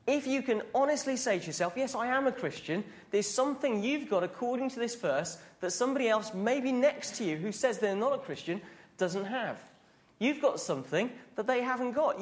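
A man preaching a sermon to a congregation in a questioning, conversational way. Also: high voice.

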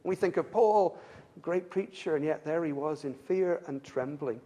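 A man's voice: on the high side, moderate pace, dark tone. A man preaching an earnest sermon, often repeating words as he restarts and asking rhetorical questions. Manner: earnest, with frequent stumbling word repeats and rhetorical "don't we?".

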